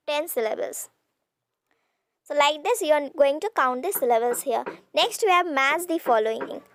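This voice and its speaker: A woman tutor with an Indian English accent, patiently explaining a poetry exercise and reading lines aloud slowly. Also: high voice, lively intonation, no room sound, clean studio sound. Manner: slow, patient, reads verse lines aloud in drawn-out tones.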